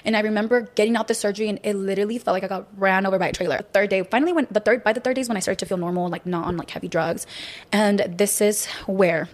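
Woman guest, quick rambling confession, lots of "like". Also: mid-range voice, steady tone. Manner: rambling, filler-heavy. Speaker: guest in a played clip. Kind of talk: confessional storytelling.

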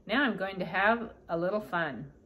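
A woman reading a storybook aloud, voicing a cheerful, fussy little male ghost who breaks into high, excited shouts. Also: moderate pace, lightly acted. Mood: plain.

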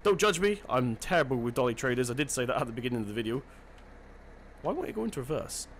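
A man's voice: medium pitch, animated, fast talker, slight background noise. A man giving casual let's-play commentary, chatty and self-deprecating, thinking aloud as he plays. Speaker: gaming channel host.

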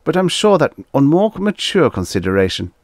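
A man's voice: fairly high pitch, big pitch swings, moderate pace, no room sound, clean studio sound, voice pushed up. A man doing a piping, fussy diplomat. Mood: flustered. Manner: piping, prissy, flustered. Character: fussy, timid human male diplomat.

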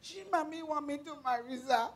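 A woman's voice: sits high, brisk, lightly acted. A woman playing a lovesick Tobagonian girl. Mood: upset. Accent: Tobagonian Creole. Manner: pleading, excitable exclamations. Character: lovesick young village woman, eager and anxious. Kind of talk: folk stage play.

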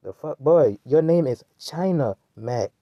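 A man's voice: fairly high pitch, expressive, measured pace, no room sound, highs cut off. A man giving a heated, rambling commentary rant, full of slang and restarts. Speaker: commentary vlogger. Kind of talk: ranting commentary.

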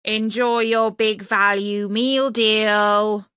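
A woman voicing a greedy, careless male castle guard in a storybook reading, calling out in a loud, offhand way. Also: mid-range voice, level tone, drawn-out words, clean tone, no echo, clean studio sound.

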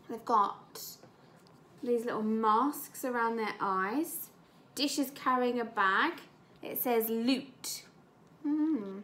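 A woman teacher with an English accent reads a storybook aloud to young children, pausing to explain words and ask them questions. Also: fairly high pitch. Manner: slow, gentle and explanatory, asking the children questions. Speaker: primary school teacher.

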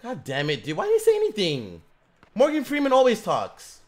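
A young man streaming a shooter game, swearing a lot and jumping from low mutters to loud shouts. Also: brisk. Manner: profane, excitable, swings from mutters to shouts. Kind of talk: gaming livestream commentary.

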